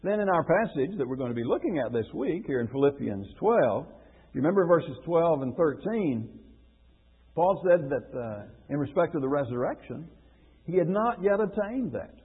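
Radio preacher guy, kinda high raspy voice, earnest, asks lots of questions, echoey tinny broadcast. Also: big pitch swings, moderate pace. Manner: earnest, questioning, repeats phrases for stress. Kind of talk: radio sermon lesson. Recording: phone-like radio broadcast with long reverb.

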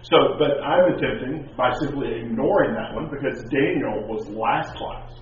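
A man's voice: mid-range voice, moderate pace, slight background noise. A man teaching a class, lecturing in an informal, rambling, conversational way. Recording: echoey, distant, tinny classroom recording.

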